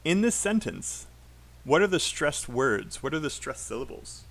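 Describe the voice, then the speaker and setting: A man's voice: fairly high pitch, very animated, measured pace, vocal fry, fairly bright tone. A man with a British accent teaching a live online IELTS class, patiently drilling sentences aloud and encouraging students.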